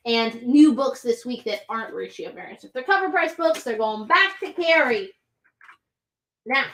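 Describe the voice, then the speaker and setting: A woman hosts a live comic sales stream from a comic shop. Her voice sits high and sounds bright and forward. She runs through items and prices briskly and chats easily between them. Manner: brisk, chatty item rundown.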